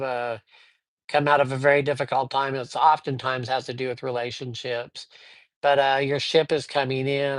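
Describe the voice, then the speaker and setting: A man's voice: mid-range voice, dry recording. Chatty man giving livestream card readings. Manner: upbeat, chatty, addresses viewers by name; rambling, with frequent fillers. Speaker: psychic reader. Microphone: livestream microphone.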